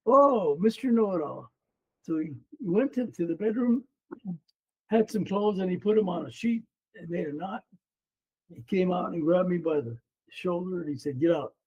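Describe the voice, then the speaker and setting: His voice is high, dark-toned and slightly rough, moving at a moderate pace. The man, in his seventies and from Mexico, once a runner and coach, earnestly shares his life story as a podcast guest at home, often saying "you know," on a dull lo-fi recording.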